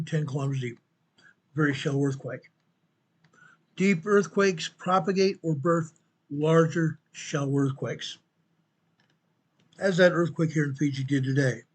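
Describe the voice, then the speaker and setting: A man hosting a show, walking viewers through an earthquake map in a slow, emphatic way and repeating his points. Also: fairly high pitch, husky. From United States. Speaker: show host presenting earthquake updates. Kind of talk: informal map walkthrough commentary.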